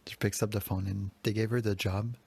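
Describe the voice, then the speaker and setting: A man's voice: on the low side, little pitch movement, brisk, gravelly, darkish tone, husky. A man telling a candid personal story in a rambling, self-critical way, swearing freely. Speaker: podcast guest telling his story.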